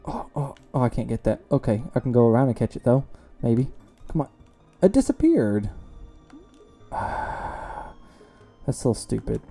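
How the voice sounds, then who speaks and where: A young man casually commenting while he plays a video game, chatty and self-mocking, with sudden loud reactions to close calls. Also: mid-range voice, very animated, brisk, faint music behind. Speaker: let's play gamer.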